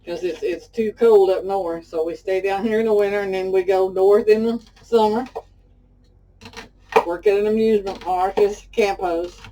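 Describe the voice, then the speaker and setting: A middle-aged Southern woman from Texas hosts a homey cooking demo, calling her viewers "y'all" and drifting into chatty stories. Her voice is mellow and warm. It sits at a slight distance from the microphone. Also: medium pitch, fairly even intonation, moderate pace, slight background noise. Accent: Texan Southern. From Pasadena, Texas. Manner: folksy and talkative, addresses viewers as y'all. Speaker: cooking show host.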